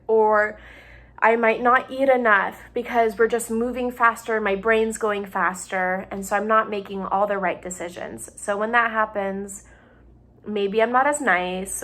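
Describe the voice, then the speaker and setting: A woman's voice: medium pitch, a bit bright. A young woman, a psychology doctoral student, talking at home in a patient, plain-spoken way, giving simple examples meant for children. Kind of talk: gentle explanatory talk for families.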